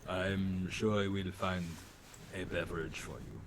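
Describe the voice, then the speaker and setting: A man playing a very deep-voiced undying servant in a tabletop game. He speaks dryly and haughtily, with sardonic put-downs. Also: little pitch movement, measured pace, noisy background. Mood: aloof. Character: aloof undying male servant of a death goddess.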